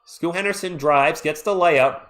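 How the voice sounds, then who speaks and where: Excitable man calling a livestreamed game. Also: on the high side, unhurried. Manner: excitable, jokey, chatty with viewers. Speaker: livestream play-by-play host. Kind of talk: live play-by-play with chat reactions.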